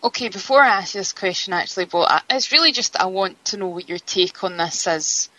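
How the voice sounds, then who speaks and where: Woman, radio co-host, very bright tone, chatty, enthusiastic, mid-range pitch. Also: animated, brisk, rough recording. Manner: chatty and enthusiastic, with frequent restarts. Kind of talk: casual radio chat.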